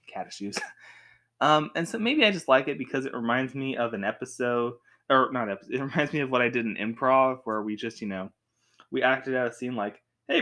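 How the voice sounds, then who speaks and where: A young man reviewing a show at home in a rambling, animated way, with frequent restarts. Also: medium pitch. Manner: rambling, animated, with many restarts and acted quotes. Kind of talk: casual talk to camera. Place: home with a cat.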